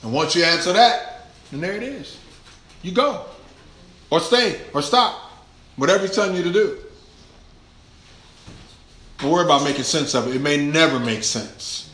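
A man preaching a sermon in a church, lively and conversational, acting out quotes and laughing along with the congregation. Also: a little high, moderate pace, pauses often. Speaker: pastor. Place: large church sanctuary. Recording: echoey church room.

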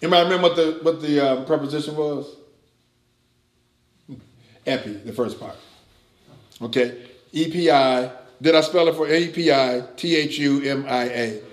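Animated preacher in an echoey room. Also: male voice, fairly high pitch, normal speed, long pauses. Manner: animated preaching, swings from loud to quiet. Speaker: pastor teaching a Bible class. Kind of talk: sermon.

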